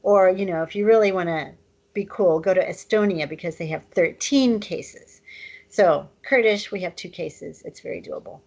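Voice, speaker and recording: A woman leads a recorded online language lesson, explaining phrases in a relaxed, chatty way. Her voice sits low and has a gravelly fry to it. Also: normal speed, poor audio. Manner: casual, chatty teaching with fillers and asides. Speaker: language teacher.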